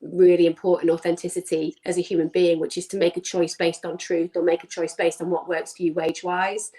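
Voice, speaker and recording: A woman with a fairly low voice answers as a psychologist guest. She speaks fluently and articulately, leaning on repeated words for emphasis. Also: level tone, brisk, warm tone, low-quality recording. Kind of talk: conversational interview.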